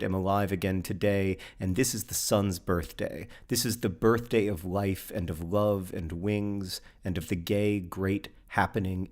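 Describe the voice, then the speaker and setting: Man, low voice, podcast co-host, measured poetry reading, quick hesitant asides. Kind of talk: reading poems aloud and casual chat.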